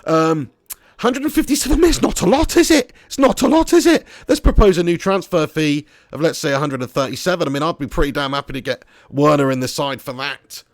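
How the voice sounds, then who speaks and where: A man with a slightly high voice runs casual live commentary over a football management game. He rambles, thinks aloud and laughs as he reads viewers' messages. The sound is close and dry, recorded at home. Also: fairly quick, dry recording. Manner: chatty, rambling, laughs while reading chat. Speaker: gaming streamer.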